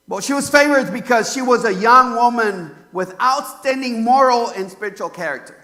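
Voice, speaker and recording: A man's voice: high-pitched, animated, moderate pace, few pauses, pushed and bright. A man from California preaching a sermon in a conversational way, full of fillers and rhetorical questions. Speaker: pastor.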